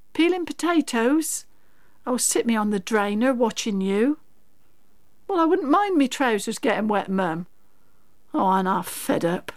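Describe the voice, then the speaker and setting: A woman's voice: fairly high pitch, no room sound, clean studio sound. A woman reciting comic verse in the voice of a small child pestering its mum, in a rhythmic, repetitive sing-song.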